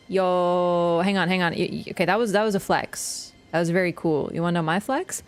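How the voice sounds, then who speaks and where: A young woman chatting casually on a game livestream, quick and self-mocking, laughing often. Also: fairly low pitch, steady tone, clear, resonant tone. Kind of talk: casual game-stream chat.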